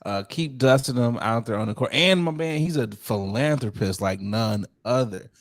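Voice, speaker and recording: A man's voice: medium pitch, normal speed, dry recording, studio quality. A man co-hosting a podcast in casual chat, joking and laughing often. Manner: laughing, joking, slips into mock voices. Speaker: podcast co-host.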